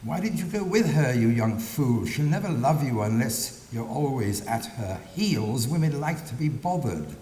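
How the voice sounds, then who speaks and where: A man reading as a gruff older man scolding a youth. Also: very animated, normal speed, few pauses, dark tone, close to an everyday voice. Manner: reading aloud from a script. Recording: echoey lecture hall, faint rumble.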